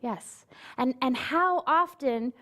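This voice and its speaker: Her voice sits high and sounds pushed and bright, and she preaches slowly. The minister's sermon weaves in a story with voiced quotations and direct questions to the congregation.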